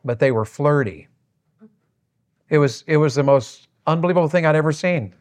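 A middle-aged man preaching on marriage, telling a story in a folksy, animated way. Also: fairly high pitch, moderate pace.

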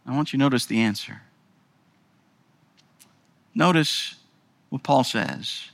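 A man's voice: mid-range voice, takes it slowly, vocal fry, pauses often, fairly bright tone. A male pastor preaching a sermon emphatically, speaking directly to his congregation.

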